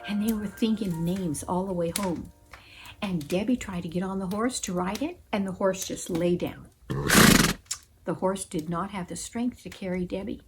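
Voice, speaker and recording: A woman telling a story in an expressive, animated way, acting out voices and gasps. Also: medium pitch, normal speed. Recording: music playing behind.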